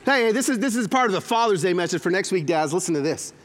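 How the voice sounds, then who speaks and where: A man in his forties preaching to his church with a notably high, lively voice that swoops up and down. He tells stories with animation, acting out quotes as he goes. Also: fast talker. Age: 40s. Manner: animated storytelling with acted-out quotes. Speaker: pastor. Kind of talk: sermon.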